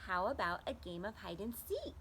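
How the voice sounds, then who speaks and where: A woman's voice: medium pitch, big pitch swings, normal speed, sharp tone, a little hiss or hum. A woman voicing a helpful female sheep full of ideas in a storybook reading. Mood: suggesting.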